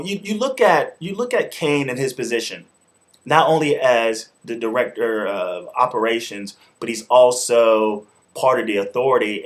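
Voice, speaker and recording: A man hosting his own video show, giving a loose, informal spoken review in casual slang with some swearing. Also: mid-range voice. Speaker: show host and wrestling reviewer. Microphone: camera mic, talking to camera.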